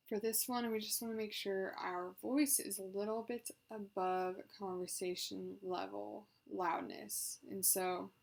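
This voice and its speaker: Female speech therapist, gravelly texture, mid pitch, deliberate coaching delivery. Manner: slow, clear, deliberate instruction with loud sustained vowels. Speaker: speech therapist leading voice exercises. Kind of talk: guided voice exercise session.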